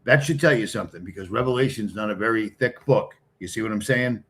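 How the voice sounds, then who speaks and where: On a laid-back live stream, a middle-aged Boston-area man from New England talks fast in a lowish, slightly bright voice. He greets each commenter in turn and talks straight to chat, firing back blunt, wisecracking answers.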